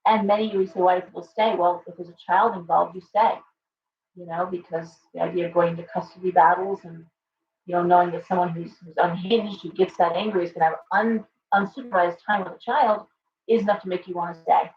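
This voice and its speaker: A woman hosts a loose, rambling live chat, stopping to greet viewers by name. Her voice has a gravelly edge and sits away from the mic. The room is echoey, the sound is dull and lo-fi, and a faint hum runs underneath. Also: lowish voice, steady tone, fairly quick, recorded from a distance. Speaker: shop owner and live show host. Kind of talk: casual live-stream chat.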